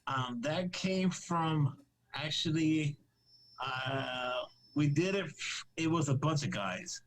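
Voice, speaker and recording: A man's voice: fairly high pitch, expressive, slow pace, a little hiss or hum, rough recording. Rambling, laid-back man guest. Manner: rambling, many restarts and fillers; laughs easily, joking. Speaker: podcast guest, comic creator. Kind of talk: casual live-stream chat.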